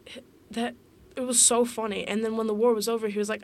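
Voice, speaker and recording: A woman's voice: on the high side, level tone, fast talker, a little mellow. A young woman co-hosting a podcast, chatting casually and telling a history story with lots of "like" and acted-out quotes. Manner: chatty storyteller, acts out quotes, many fillers. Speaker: podcast co-host. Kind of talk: casual chat.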